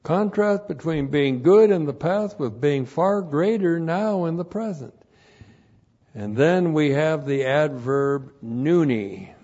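Slow, methodical male Bible teacher. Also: on the high side, expressive, warm tone. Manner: methodical, repeats each numbered point slowly; spells out Greek words letter by letter. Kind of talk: Bible study lecture on Greek words. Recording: dull lo-fi recording.

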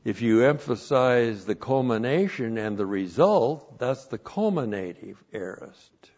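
A man preaching a sermon and teaching the Bible as a pastor, repeating phrases and rising loud to stress a point. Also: medium pitch, expressive, a little slow. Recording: dull lo-fi recording.

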